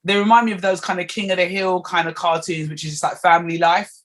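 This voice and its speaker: A woman's voice: lowish voice, little pitch movement, quick pace, a bit bright. A woman co-hosting a podcast, chatting casually and animatedly with lots of fillers. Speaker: podcast co-host. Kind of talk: casual chat.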